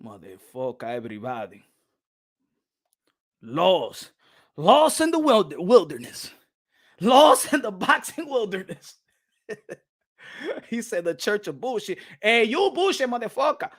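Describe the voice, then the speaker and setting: Super high-pitched dude on a boxing stream, hyped and swearing, yelling then mumbling, some spanish thrown in. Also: male voice, measured pace, pauses often. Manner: excitable and profane, swinging between shouting and muttering; mixes in Spanish words. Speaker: boxing channel host. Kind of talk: live-stream boxing commentary.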